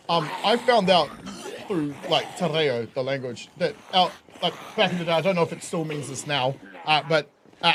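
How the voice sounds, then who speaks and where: A man's voice: fairly high pitch, background noise. A man with a New Zealand accent, streaming a game and chatting casually with viewers, swearing and laughing as he rants. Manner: laughing, swearing, ranting to chat. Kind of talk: casual live-stream chat.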